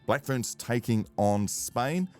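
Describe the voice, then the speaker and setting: A man's voice: mid-range voice, takes it slowly, soft background music. A man with a New Zealand accent hosting a casual sports podcast and putting the questions to his co-hosts. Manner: lively, asks the questions. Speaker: podcast host.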